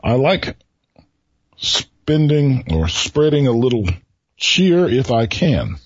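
A man hosting a radio talk show who tells riddles to his listeners slowly, repeating each one and pausing before the answer, with a folksy manner. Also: medium pitch, very animated, husky, dry recording. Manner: folksy, chuckles at his own jokes. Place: radio studio. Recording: dull lo-fi radio recording.

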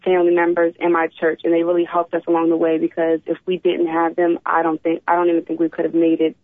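A woman in her thirties from Philadelphia, telling her life story as a guest in a casual interview, animated, often opening with "you know what". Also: on the low side, quick pace. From Philadelphia, USA. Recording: tinny phone line.

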